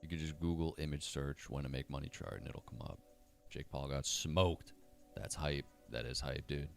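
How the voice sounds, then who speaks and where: Deep-voiced, laid-back young guy cursing freely. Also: fairly even intonation, moderate pace, creaky, soft background music. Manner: laid-back, profane, slangy; reads out and answers live chat comments. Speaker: livestream host. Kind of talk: casual livestream chat.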